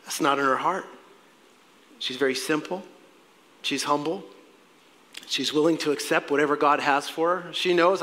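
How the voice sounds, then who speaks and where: A man preaching a sermon as pastor, swinging from loud exclamations to quiet, earnest appeals to the congregation. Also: a little high, normal speed, pauses often. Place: church sanctuary. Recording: long reverb of a church hall.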